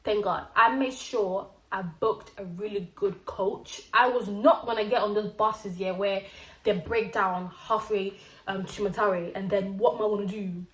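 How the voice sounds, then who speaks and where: A woman's voice: medium pitch, a little slow. Slangy young woman. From Zimbabwe. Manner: animated, slangy storytelling with acted-out quotes. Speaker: vlogger. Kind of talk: casual storytime vlog. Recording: roomy echo.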